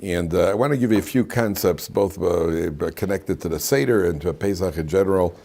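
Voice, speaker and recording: An older rabbi with a low, dark voice teaches an informal Torah class to students in a classroom at a moderate pace. His style is conversational and digressive, with frequent restarts and side remarks.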